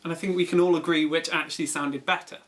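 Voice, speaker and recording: A man co-hosting a comedy film review show, joking through the plot in a deadpan way. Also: on the high side, quick pace, slight background noise. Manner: deadpan, jokey.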